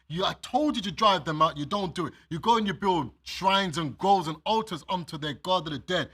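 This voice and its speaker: A male minister preaching, reading verses of scripture and then speaking straight to the congregation. His voice sits a little high for a man, with a bright, tense edge and a husky grain. He makes his points with everyday examples. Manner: reads scripture aloud and explains it to listeners; addresses listeners directly with everyday examples. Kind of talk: sermon.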